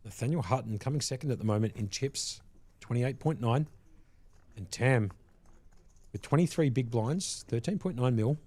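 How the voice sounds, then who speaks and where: A man commentating a live poker stream from a commentary box on a headset mic, relaxed and chatty, with frequent laughs. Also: medium pitch, moderate pace, pauses often. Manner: easygoing, laughs often, chatty asides.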